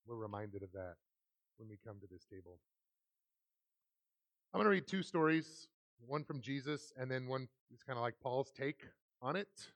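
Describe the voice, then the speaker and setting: Gravelly-voiced pastor preaching earnestly. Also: male voice, medium pitch, a bit bright, no echo. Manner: storytelling, self-deprecating, earnest. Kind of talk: sermon with scripture reading. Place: church sanctuary.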